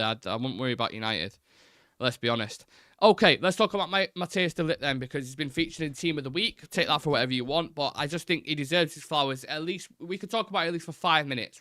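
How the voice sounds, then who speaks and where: Chatty fan show host. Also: male voice, medium pitch, bright, forceful tone, no echo, clean studio sound. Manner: chatty, rambling opinions, frequent restarts and fillers. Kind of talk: live fan talk show, answering viewer comments.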